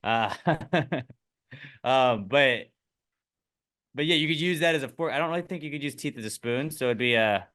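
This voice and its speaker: A man hosts a podcast in loose, rambling banter full of deadpan jokes. His voice is bright and carries well. His pitch stays in the middle. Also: normal speed, pauses often. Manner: joking, rambling, deadpan asides. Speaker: podcast host.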